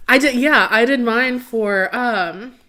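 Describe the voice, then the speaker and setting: A woman's voice: on the high side, slow pace, sharp tone. A young woman hosting a casual livestream, chatting with viewers in a rambling way full of fillers. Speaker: livestream host.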